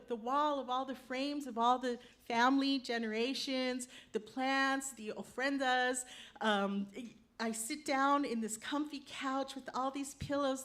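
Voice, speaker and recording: A woman telling a true personal story on stage, lively and animated, acting out the voices of her family. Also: high voice. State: tearful while telling.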